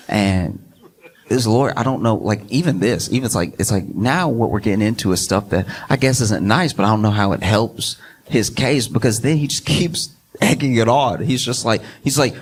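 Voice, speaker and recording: A man doing stand-up storytelling, animated and rambling with self-deprecating asides. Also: medium pitch, moderate pace, a crowd in the background, noisy background. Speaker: stand-up comedian. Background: faint audience laughter.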